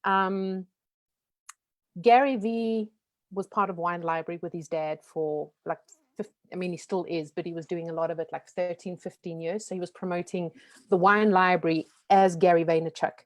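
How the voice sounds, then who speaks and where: Frank woman with a softened South African accent. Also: on the low side, dry recording. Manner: lively, frank, talks in quick runs. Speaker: guest, brand strategist. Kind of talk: casual interview chat.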